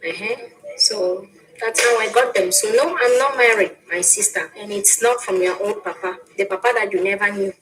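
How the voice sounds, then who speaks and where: A woman's voice: mid-range voice, moderate pace, fairly bright tone, slight background noise, low-quality recording. A woman talking casually about herself in a played clip, chatty and laughing between phrases. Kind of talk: casual chat.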